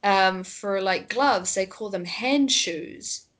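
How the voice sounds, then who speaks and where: A woman's voice: medium pitch, takes it slowly, a bit bright, poor audio. A woman in casual conversation, talking in a rambling way full of fillers like "you know" and "like". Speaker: conversation partner. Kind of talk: casual chat.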